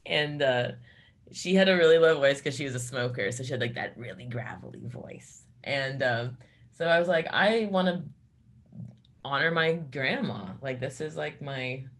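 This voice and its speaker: Halting woman talking with many restarts. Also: a bass voice. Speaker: metal band vocalist. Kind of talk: casual interview talk.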